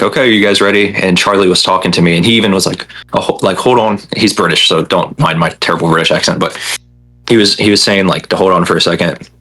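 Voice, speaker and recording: A man's voice: low voice, pushed and bright, husky, poor audio. A young man, a podcast guest, chatting casually with a rambling, hesitant manner full of fillers. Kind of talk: casual chat.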